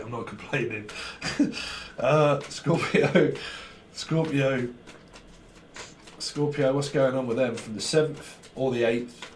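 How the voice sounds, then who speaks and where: A man giving a casual, rambling tarot reading, chatty and laughing often, swearing freely as he talks. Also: mid-range voice. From United Kingdom. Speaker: tarot reader. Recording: roomy echo with faint background noise.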